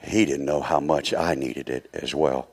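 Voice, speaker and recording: A man's voice: very deep voice, steady tone, measured pace, slightly rough. A man preaching a sermon as a church elder, speaking straight to the congregation and repeating phrases for emphasis.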